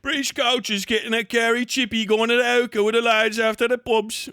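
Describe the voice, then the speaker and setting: Profane, high-voiced man ranting on stream. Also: little pitch movement, fairly quick, pushed and bright, clear, resonant tone, no room sound. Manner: profane, laughing, rambling. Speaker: livestream host. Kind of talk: casual livestream rant.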